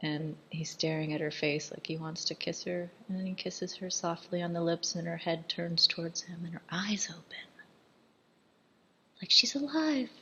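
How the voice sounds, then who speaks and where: A woman giving casual, irreverent commentary over a film, chatty and quick to laugh. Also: fairly low pitch, a bit bright, muffled recording.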